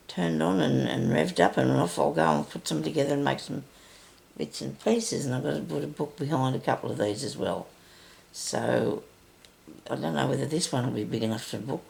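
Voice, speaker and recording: An older woman with a raspy, deep voice, chatting and rambling through a casual stitching tutorial as host. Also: a little mellow. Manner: chatty, rambling, self-interrupting.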